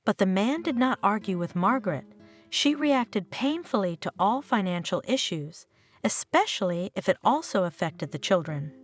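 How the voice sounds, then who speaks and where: Woman reading a story with lively pitch. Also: normal speed, soft background music. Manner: lively, expressive reading with wide swings in pitch. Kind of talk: scripted story narration.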